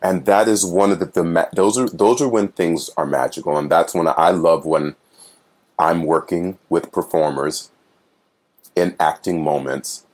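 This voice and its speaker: Deep-voiced actor guy chatting about his work, earnest, thinks out loud. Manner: earnest, reflective, acts out little voices when telling stories. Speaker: Broadway actor guest. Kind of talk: casual interview chat.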